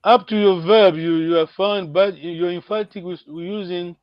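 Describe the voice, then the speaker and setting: A man's voice: high-pitched, fairly even intonation, moderate pace, no room sound, highs cut off. A man teaching a language lesson over a video call, patiently prompting and encouraging his students.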